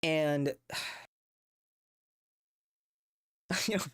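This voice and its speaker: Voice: medium pitch, very slow, a bit bright, clear, resonant tone. A young adult streamer ranting casually, profane, exasperated and rambling. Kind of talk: casual livestream rant.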